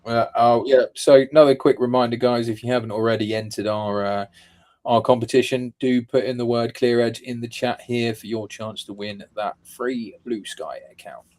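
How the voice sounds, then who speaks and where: A man's voice: medium pitch, fairly even intonation, moderate pace, darkish tone. A man with a British accent co-hosting a live stream, chatty and joking, with British slang. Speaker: co-host of a trading live stream. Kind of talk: casual live-stream chat.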